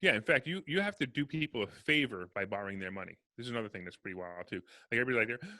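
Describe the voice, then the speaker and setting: Man, podcast guest, quick talker, bright edge, dry close sound, animated storyteller. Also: mid-range voice, no room sound. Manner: fast, animated storyteller acting out dialogue. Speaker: real estate investor guest. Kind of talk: casual podcast interview.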